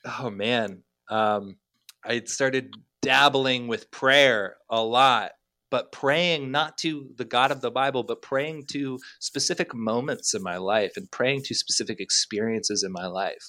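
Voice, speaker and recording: A man as a podcast guest, telling stories in a rambling, animated way with lots of fillers. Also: mid-range voice, a little slow, no echo, clean studio sound. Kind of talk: casual storytelling chat.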